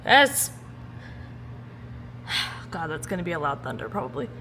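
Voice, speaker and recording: During a storm at home, a woman vlogs casually on a handheld phone, chatting, joking, laughing often, and swearing offhandedly. Her low voice is sing-song and a little slow, sharp in tone, with slight hiss or hum.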